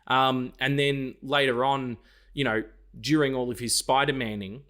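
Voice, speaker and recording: A man's voice: medium pitch, fairly even intonation, a little slow, sharp tone. A man co-hosting a casual film podcast, swearing freely and acting out scenes in quoted voices. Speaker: podcast co-host.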